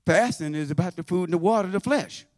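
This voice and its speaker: A man preaching a sermon in church, folksy and conversational, swinging from shouts to low asides. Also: lively intonation, fast, no echo, clean studio sound. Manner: shouting and half-singing at high points, then dropping to low asides; conversational, folksy, with repetitions and laughter.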